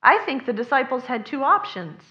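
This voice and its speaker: A woman delivers a sermon in an earnest, conversational tone, her voice sitting a little high. Now and then she slips into other people's voices as she quotes them. The recording sounds slightly dull and lo-fi. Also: very animated, moderate pace, bright, forceful tone. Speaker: preacher.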